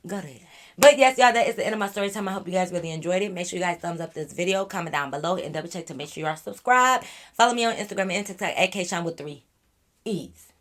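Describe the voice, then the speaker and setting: A woman's voice: on the low side, quick pace. A young woman vlogger telling a casual story, blunt and profane, acting out what her friends said. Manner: animated, blunt, profane, acts out quoted friends.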